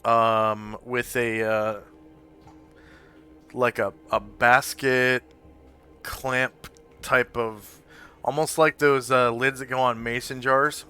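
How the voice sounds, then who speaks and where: Brief: unhurried male game master, crisp and bright, halting with many fillers. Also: mid-range voice, little pitch movement, faint music behind. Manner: hesitant, full of filler words. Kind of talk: narrating a tabletop game.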